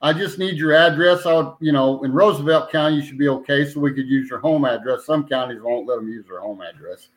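A man's voice: medium pitch, brisk, hardly any pauses, low-quality recording. A man casually telling a long story in a folksy, rambling way, often circling back with "anyway.". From New Mexico. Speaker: podcast guest, citizen petition organizer.

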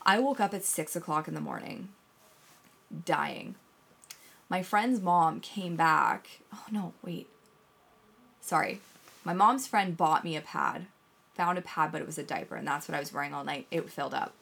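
Animated, swearing woman telling a story. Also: sits low, moderate pace, vocal fry, long pauses, breathy edge. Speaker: podcast co-host. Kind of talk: casual chat.

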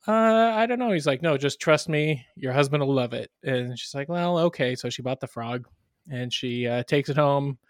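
Male podcast co-host, mid pitch, dry sound, deadpan joke-teller. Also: no echo. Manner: deadpan joke delivery with restarts. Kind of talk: casual joke-telling chat.

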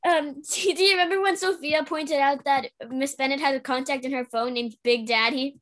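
Young female co-host, high-pitched, hesitant casual storyteller. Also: fairly even intonation, moderate pace, a bit bright. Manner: hesitant, chatty, with fillers and self-corrections. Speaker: podcast co-host. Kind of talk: casual chat.

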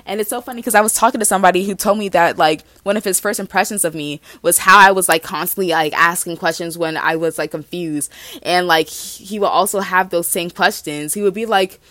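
A young woman in her twenties speaks briskly in a fairly low, fairly bright voice as she hosts a casual solo podcast. Bubbly and rambling, she leans heavily on "like." The recording has no echo.

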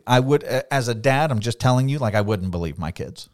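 A middle-aged man co-hosting a casual Bible study podcast, animated and laughing often as he acts out the voices of the people in the story. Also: fairly low pitch, moderate pace, clear, resonant tone. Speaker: podcast co-host.

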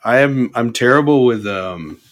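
A man's voice: mid-range voice, expressive. A young Canadian man with a Canadian accent, chatting as a podcast guest, rambling with lots of fillers and restarts. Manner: rambling, halting, with many fillers and self-corrections. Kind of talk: casual chat.

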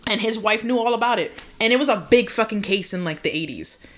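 A woman's voice: a little high, a little fast, fairly bright tone. A young woman co-hosting a podcast, telling a creepy story in casual chat, full of swearing and "like" and "right?". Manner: swears a lot, fillers like "like" and "right?". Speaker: podcast co-host.

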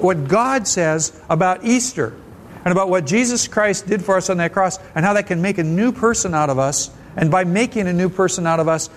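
A man's voice: high voice, slight background noise. A man preaching a conversational, folksy sermon at a church service, often restarting his phrases. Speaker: pastor.

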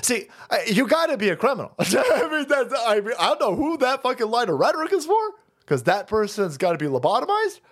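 A man's voice: extremely high pitch, big pitch swings, a little fast, few pauses, a bit bright. A man hosting a livestream, ranting in a casual, profane and sarcastic way and laughing often. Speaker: livestream host. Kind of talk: casual political rant.

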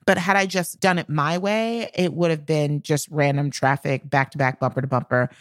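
A woman co-hosting a podcast, telling stories in a relaxed, chatty way. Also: deep voice, normal speed, no room sound, clean studio sound. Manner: relaxed storytelling, laughs often. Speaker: podcast co-host. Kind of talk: casual podcast chat.

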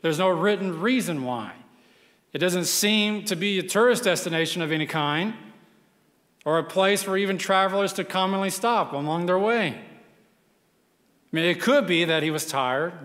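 Man, pastor, sermon, slightly high voice, long hall reverb. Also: a bit bright. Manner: dramatic preaching, voicing the people in the story.

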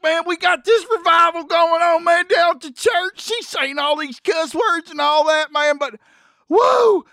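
A man putting on a shrill, hyper loudmouth. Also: vocal fry, no echo, studio quality, exaggerated voice. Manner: hyper, yelping, rambling and cursing. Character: overexcited foul-mouthed grown man named Terry. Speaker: regular character. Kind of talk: comedic character bit.

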